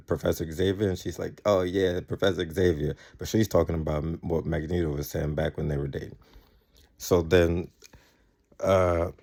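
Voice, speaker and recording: A man's voice: low voice, darkish tone. A man casually recapping a TV episode, rambling and often correcting himself mid-sentence, quoting characters in his own plain voice. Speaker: TV episode reviewer.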